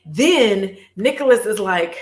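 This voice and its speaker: A woman vlogger chatting casually on a livestream, animated, swearing and laughing often. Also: medium pitch, slow pace, roomy sound.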